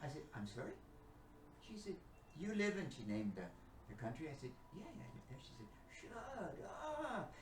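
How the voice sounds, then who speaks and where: Animated older man telling a story. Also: medium pitch, fairly quick, a little hiss or hum. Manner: animated storyteller, laughs loudly. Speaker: co-host. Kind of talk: casual chat. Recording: echoey room from a distance.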